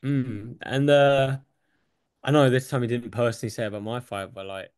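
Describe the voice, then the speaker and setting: A man's voice: medium pitch, moderate pace, clear, resonant tone, no echo. Casual young English man, dry sound. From England. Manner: relaxed, swears freely, laughs between thoughts. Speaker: UFC fighter guest. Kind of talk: casual interview chat.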